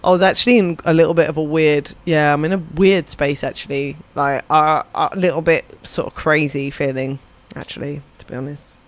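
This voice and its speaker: A woman's voice: deep voice, fairly even intonation, normal speed. Rambling woman musician on stream. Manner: rambling, reflective, swears casually. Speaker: livestreaming musician. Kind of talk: casual chat on a live stream.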